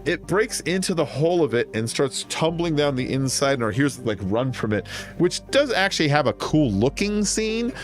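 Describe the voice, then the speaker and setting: A man's voice: on the high side, very animated, normal speed, soft background music. A man streaming a game, chatting casually and telling long, rambling stories full of fillers. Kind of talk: casual chat while gaming.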